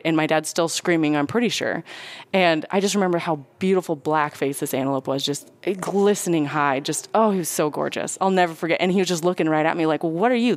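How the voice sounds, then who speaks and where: A woman telling a hunting story in casual talk, animated, acting out what people said. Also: low-pitched, no room sound. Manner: animated, quick, acts out quotes. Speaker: guest storyteller; hunter and nurse.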